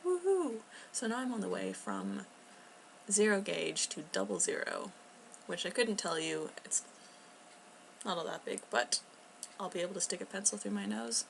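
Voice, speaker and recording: Quiet rambling young woman vlogger, a bit gravelly. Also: mid-range voice, big pitch swings, moderate pace, pauses often, a little hiss or hum, low-quality recording. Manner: rambling, chatty, filler-heavy with soft laughs; talking quietly, at times near a whisper. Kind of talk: casual unscripted vlog. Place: home, indoors.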